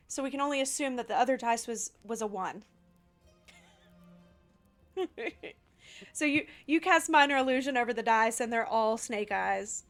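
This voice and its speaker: Game master, woman, light higher voice, chatty and giggly, faint music under. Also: moderate pace, long pauses, a bit bright. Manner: laughs often, casual with fillers. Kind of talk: narrating a tabletop game. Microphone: home mic on a livestream.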